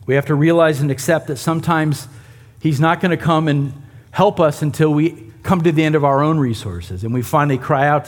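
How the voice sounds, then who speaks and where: A man's voice: on the high side, a little fast. A man preaching a sermon and teaching a Bible passage in a conversational way, with asides to the congregation. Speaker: pastor.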